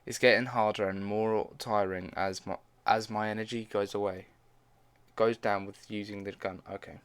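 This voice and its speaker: A man with a lowish voice reads a fan story aloud in a relaxed, casual way. He trips over words now and then and breaks off for quick asides of his own. The sound is dry and close, with no room around it. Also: smooth, no room sound. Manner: reads with frequent stumbles and side comments. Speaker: fan fiction reader.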